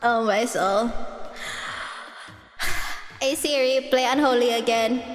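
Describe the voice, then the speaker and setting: A woman's voice: on the high side, takes it slowly. A woman livestreamer chatting in a giggly, playful, teasing way, her voice run through an added reverb effect. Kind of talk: casual stream chat. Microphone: close streaming mic. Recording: heavy reverb, long echo tail. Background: faint background music.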